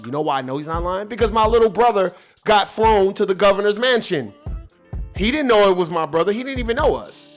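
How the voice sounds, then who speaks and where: Male vlogger, slightly higher voice, casual profane storytelling over soft background music. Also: lively intonation, moderate pace. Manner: loose, profane, rambling with asides.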